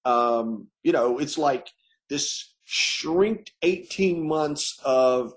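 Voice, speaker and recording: A man as an interview guest, telling his story in a rambling, halting way with many pauses. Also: fairly high pitch, expressive. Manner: rambling, halting with many ums and repeated words. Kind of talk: casual storytelling.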